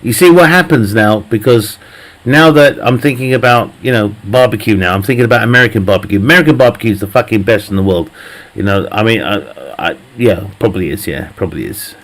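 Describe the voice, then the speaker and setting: A man with a lowish voice talks fast while live streaming a game. He chats casually with viewers, jokes, teases the chat, laughs a lot and swears freely.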